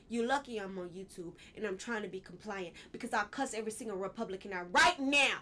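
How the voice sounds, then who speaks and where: A woman's voice: mid-range voice, fast talker, few pauses, bright, forceful tone, slight background noise. A woman vlogger giving casual political commentary, candid and heated, swearing and drifting into personal asides.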